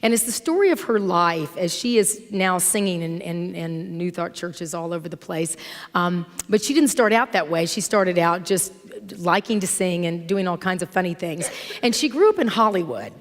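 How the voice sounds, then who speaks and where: A middle-aged woman minister giving a sermon in a church, telling stories in an animated, conversational way. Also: on the low side, normal speed. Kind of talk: sermon with storytelling. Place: church sanctuary. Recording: long hall reverb from church.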